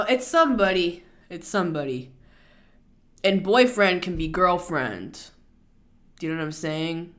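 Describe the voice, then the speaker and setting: Woman, tarot reader, casual chatty rambling delivery. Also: mid-range voice. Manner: chatty, rambling, animated asides.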